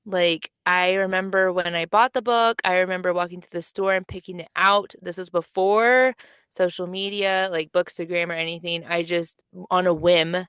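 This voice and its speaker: Smooth-voiced woman telling animated stories. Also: moderate pace, dry recording. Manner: animated storytelling, acts out quotes with big pitch jumps. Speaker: podcast co-host. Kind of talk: casual chat.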